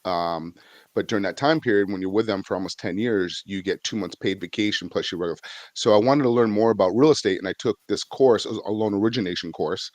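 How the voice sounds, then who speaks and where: A man's voice: on the low side, fast, darkish tone, no room sound. A middle-aged man from Vermont, a real estate investor guest, telling his story in a rambling way with many fillers. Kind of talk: casual storytelling interview.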